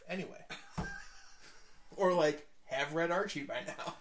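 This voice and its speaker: Excitable man on a comics podcast. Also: fairly high pitch, a little slow. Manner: excited, jokey, acts out quotes. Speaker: podcast co-host. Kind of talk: casual comic book chat.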